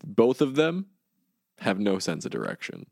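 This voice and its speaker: Young male podcast co-host, low gravelly voice, animated delivery, dry close sound. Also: unhurried, dry recording. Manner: excitable, swears, acts out scenes in goofy voices. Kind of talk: casual chat about a cartoon series.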